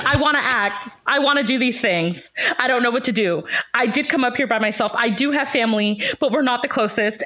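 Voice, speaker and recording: A woman's voice: fairly high pitch, bright, forceful tone. A young woman co-hosting a podcast, telling a story in casual chat with lots of laughter. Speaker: podcast co-host.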